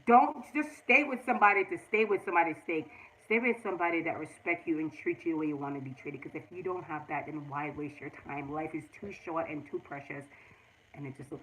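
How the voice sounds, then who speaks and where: A woman's voice: sits low, brisk, a bit bright, a little hiss or hum, rough recording. A middle-aged woman hosting a casual livestream, earnestly giving relationship advice straight to her viewers. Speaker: livestream host.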